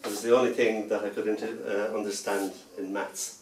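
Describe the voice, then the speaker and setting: A man giving a poetry reading to a festival audience, playful and theatrical, stretching out words and pausing for effect. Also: lowish voice, level tone, slight background noise. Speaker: poet. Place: festival venue indoors. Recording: echoey room, mic far off.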